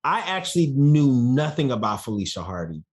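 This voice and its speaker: A man hosting a casual podcast, playful and quick to laugh. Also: medium pitch, big pitch swings. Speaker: podcast host. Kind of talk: casual chat.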